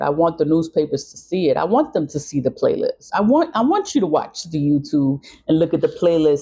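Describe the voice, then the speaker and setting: A woman's voice: sits low, warm tone. A middle-aged woman vlogger in a casual venting monologue, emphatic and repeating her points.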